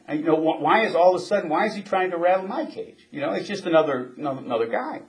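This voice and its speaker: An older man and former Marine telling a story in a casual interview, chuckling often and halting with restarts. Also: sits high, animated.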